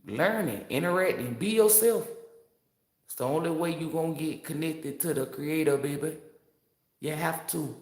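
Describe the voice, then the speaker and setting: A woman's voice: sits low, moderate pace, darkish tone, echoey room. A woman giving a casual spiritual monologue as a tarot reader, brash, boastful and profane, laughing often.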